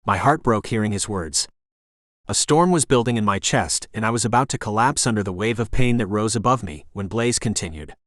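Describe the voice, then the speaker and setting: A man narrating a romance audiobook in the first person, in a measured, introspective way. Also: lowish voice, expressive, fairly bright tone, dry recording, clean studio sound.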